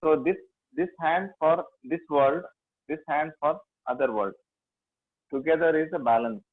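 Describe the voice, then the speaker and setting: A man with an Indian accent teaching a yoga class, giving halting instructions with many fillers. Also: fairly high pitch, no room sound. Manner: slow, halting instructions with many fillers, chanting and singing tones. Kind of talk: guiding a mudra and mantra class. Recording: dry, phone-like lo-fi sound.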